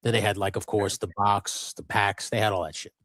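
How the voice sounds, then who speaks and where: A man with a fairly low voice tells a long, animated story, swearing freely as he goes. It is relaxed, casual live-stream chat. The sound is dry and close, with no room echo. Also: brisk. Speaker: co-host of a live customizing stream.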